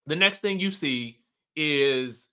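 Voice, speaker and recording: Chatty bright-voiced man. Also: on the high side, expressive, takes it slowly, smooth. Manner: chatty, emphatic, keeps asking "okay?". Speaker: reality TV recap host. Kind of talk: casual commentary.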